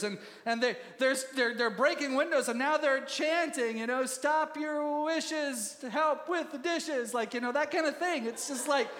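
A male pastor voicing Jesus in a rising, urgent delivery that builds toward shouting. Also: very high-pitched, in a large hall, voice pushed up.

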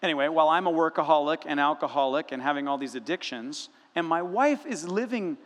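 A male pastor delivers a sermon with animated, humorous storytelling. His voice sits a little high for a man. The sound rings out with the long reverb of a large church room. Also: quick pace.

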